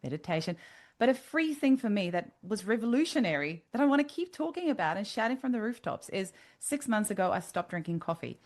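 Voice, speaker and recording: A woman from South Africa hosting a podcast, chatting candidly and telling lively personal stories. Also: mid-range voice, a little fast. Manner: chatty, candid, animated storytelling. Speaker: podcast host, homeopath. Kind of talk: casual podcast interview.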